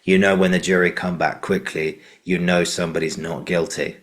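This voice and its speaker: This podcast host is a man with a southern English accent and a low voice that barely moves in pitch. He interviews at normal speed, eagerly spilling long, rambling sentences packed with fillers.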